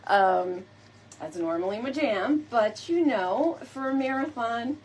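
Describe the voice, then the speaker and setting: A woman's voice: a little high, lively intonation, a little slow, darkish tone, slight background noise. Chatty woman hosting a craft stream. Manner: chatty, playful, addresses viewers often. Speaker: DIY decor host. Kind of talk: casual live crafting chat.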